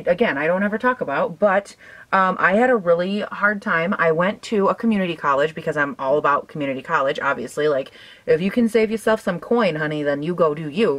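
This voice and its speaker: This beauty vlogger, a woman in her twenties, has a lowish voice and a fairly bright tone. She chats casually and giggles as she does her makeup, laughing often and saying "like" and "um" a lot.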